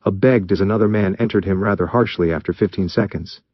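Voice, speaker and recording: A man narrating fan fiction aloud in a plain, steady reading voice. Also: deep voice, fast talker, no echo, highs cut off.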